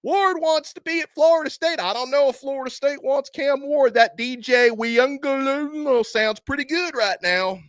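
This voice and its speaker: A man voicing a loud, mocking adult male football insider with a put-on Southern drawl. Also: no room sound, studio quality. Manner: high, shouting, drawn-out mockery.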